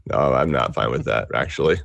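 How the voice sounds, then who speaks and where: A man's voice: extremely low pitch, fairly quick, gravelly, a bit bright, no room sound. A man playing a tabletop game, laid-back and a bit hesitant. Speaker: player.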